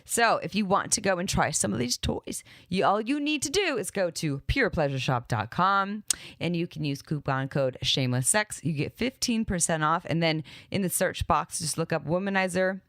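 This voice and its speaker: A woman's voice: lowish voice, lively intonation, normal speed, a bit bright, no echo. A woman co-hosting a podcast in casual chat, frank and laughing often, with many fillers. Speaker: podcast co-host.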